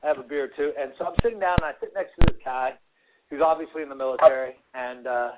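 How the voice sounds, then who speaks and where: A man's voice: medium pitch, fast. Man telling fight stories over a phone line. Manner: animated storyteller, acts out quotes, many fillers. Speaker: guest, former fighter. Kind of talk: casual storytelling on a radio show. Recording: tinny phone line with faint hiss.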